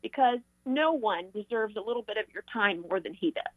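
A woman's voice: mid-range voice, animated, brisk, no room sound. A woman on a radio show, earnestly encouraging listeners and sharing her testimony. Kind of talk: heartfelt testimony talk. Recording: tinny phone line.

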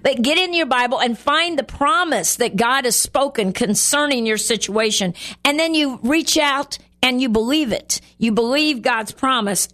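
An earnest woman with a fairly high voice gives a conversational sermon on her show. She speaks warmly and directly to her listeners and slips into character voices when she quotes scripture dialogue. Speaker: Bible teacher hosting a show.

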